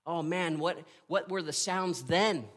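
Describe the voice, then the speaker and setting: A man preaching a sermon, retelling a story with earnest drama, pausing and asking "right?". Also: a little high, fairly bright tone. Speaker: pastor.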